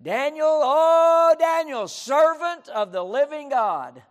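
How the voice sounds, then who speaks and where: A man acting out an anguished ancient king who calls out to a friend with a drawn-out wail. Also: high-pitched, big pitch swings, heavily acted. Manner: wailing, drawn-out calling. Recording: reverberant auditorium.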